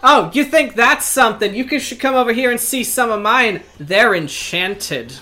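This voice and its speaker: Hustling undead salesman with a Brooklyn accent, put on by the GM, bright and pushy. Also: mid-range voice, animated, moderate pace, voice pushed up. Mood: boastful. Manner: boastful, hawking sales patter. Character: sleazy undead male junk-shop merchant.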